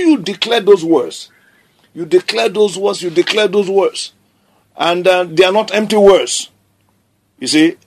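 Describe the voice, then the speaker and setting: Male preacher, fairly high voice, emphatic declarations, sermon delivery. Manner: emphatic, declaring scripture with repetition.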